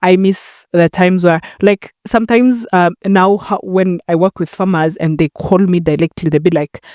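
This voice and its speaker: A woman's voice: on the low side, steady tone, normal speed, hardly any pauses, darkish tone, no echo, clean studio sound. A young woman from Rwanda hosting a solo podcast, chatting in a rambling way while talking to a camera. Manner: chatty, rambling, acts out phone calls. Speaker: podcast host. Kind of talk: casual solo podcast chat.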